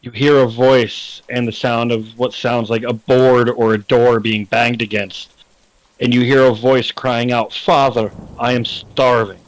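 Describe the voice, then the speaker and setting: Slow, deliberate man narrating as game master. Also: medium pitch, flat delivery, no room sound, poor audio.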